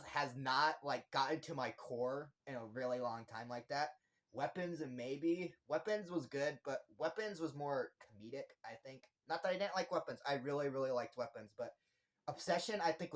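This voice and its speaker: A man giving a casual, rambling horror movie review, excitable and swearing freely. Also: a little high, poor audio.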